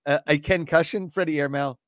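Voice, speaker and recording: A man in his twenties co-hosting a sports podcast, ranting in an animated, exasperated way in casual chat. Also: fairly high pitch, brisk, noisy background. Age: 20s. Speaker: podcast co-host.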